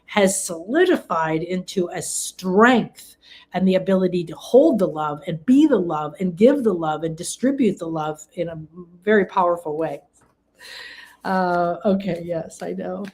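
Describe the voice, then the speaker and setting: A woman's voice: fairly low pitch, unhurried. Effusive woman giving a spiritual talk. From England. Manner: effusive and gushing, with bursts of excited exclamation; rambling, with frequent restarts and fillers. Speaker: spiritual teacher and live-stream host. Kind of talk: casual live spiritual talk.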